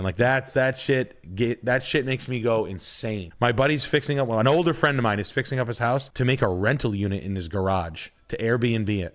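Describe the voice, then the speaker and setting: Profane, animated man ranting on a podcast. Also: medium pitch, fairly quick, hardly any pauses. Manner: profane, blunt, animated, jumps into shouting. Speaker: podcast host. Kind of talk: casual podcast rant.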